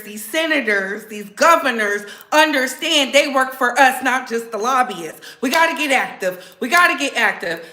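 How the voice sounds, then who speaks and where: A woman with a high, bright voice delivers political commentary straight to camera. She is blunt, fiery and profane, pushing her viewers to act. The sound is echoey, as if recorded in a bare room. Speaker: host.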